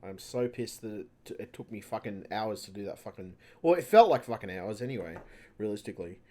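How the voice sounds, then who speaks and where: A fairly low, darkish male voice comes across animated and a little fast. The channel host rambles into his home computer mic for a casual vlog, swearing constantly in frustration, often restarting and trailing off.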